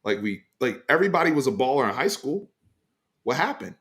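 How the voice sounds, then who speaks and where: A man hosts a casual sports talk show, pressing his opinions hard and leaning on fillers as he goes. His voice sits at an ordinary middle pitch. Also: a little fast. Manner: animated, emphatic opinions with frequent fillers. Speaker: sports podcast host.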